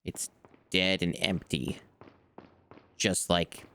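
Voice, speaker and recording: A man with a very low voice gives casual gameplay commentary in a dry, self-deprecating tone, cursing freely as he plays. Steady background noise sits under his voice. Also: normal speed. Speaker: streamer.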